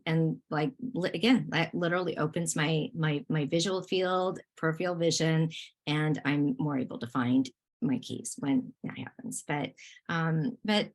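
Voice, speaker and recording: A woman lecturer speaking over a video call in a slightly low voice. She is encouraging and warm in tone, often pausing on fillers and restarting her phrases as she explains. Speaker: lecturer on positive emotions. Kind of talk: online presentation and Q&A.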